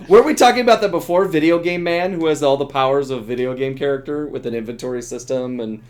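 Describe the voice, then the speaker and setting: This is a middle-aged man talking loosely as he streams a game. He laughs easily, restarts his sentences and keeps the chat relaxed. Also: a little high. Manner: chatty, laughs often, trails off in restarts. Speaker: streamer and voice actor. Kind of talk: casual chat while playing a game.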